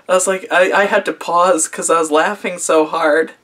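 A man's voice: a little high, fairly even intonation, normal speed, sharp tone. A man recapping an anime episode in a casual video review, sarcastic and profane, laughing often, recorded on a camera mic.

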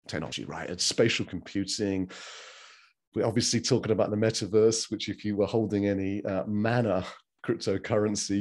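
Male host, from England, low-ish voice, friendly chatter on a video call. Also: darkish tone. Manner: friendly, laughs often, chatty. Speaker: host of online forum. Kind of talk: casual video call chat.

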